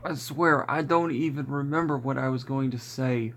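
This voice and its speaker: A man chatting loosely to his viewers on a livestream, with a gravelly, creaky edge to his voice. He talks in loose, self-interrupting runs and often seems about to crack up. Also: mid-range voice, moderate pace, fairly bright tone, a little hiss or hum. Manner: rambling, self-interrupting, often breaking into laughter. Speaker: YouTube channel host on a livestream. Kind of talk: casual rambling livestream chat.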